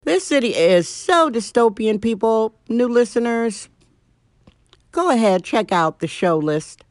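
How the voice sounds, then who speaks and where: A woman's voice: a little high, animated, a little slow, no echo, clean studio sound. A middle-aged woman hosting her own show, ranting bluntly and sarcastically at home. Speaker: podcast host. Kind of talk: opinionated solo monologue.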